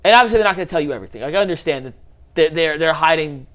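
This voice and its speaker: Casting: male sports talk host, slightly high voice, emphatic. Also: lively intonation, very fast, a bit bright. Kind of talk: sports talk show chat.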